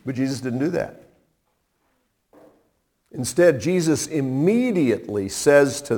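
Lively, unhurried male preacher. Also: mid-range voice. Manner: conversational and humorous, with dramatic pauses. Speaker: pastor. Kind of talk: sermon.

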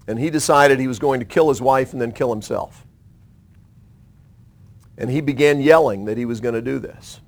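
A man preaching on a radio program, telling a story with dramatic pauses and slowing down for emphasis. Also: medium pitch. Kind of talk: sermon storytelling.

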